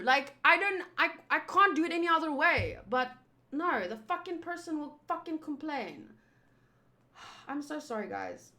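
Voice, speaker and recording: A young woman with a high, bright voice talks straight to her viewers, venting her frustration. She rambles, swears freely and circles back on herself as she complains. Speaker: streamer and host.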